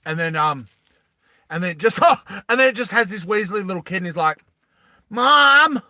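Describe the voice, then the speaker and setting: A man casually retelling a movie plot, animated and rambling, often laughing. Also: high voice, brisk, dry recording, studio quality. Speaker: storyteller.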